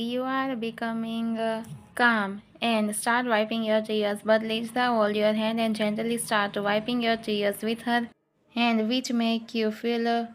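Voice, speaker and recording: A woman narrating a second-person fanfiction story in a plain, even reading voice with small hesitations. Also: fairly high pitch.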